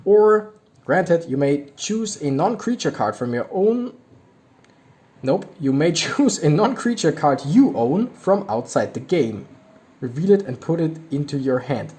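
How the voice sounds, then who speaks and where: Young adult man, fairly high and very animated voice, casual card-opening commentary with excitable outbursts. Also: measured pace. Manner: reads card text aloud, excitable reactions. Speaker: YouTuber opening card packs.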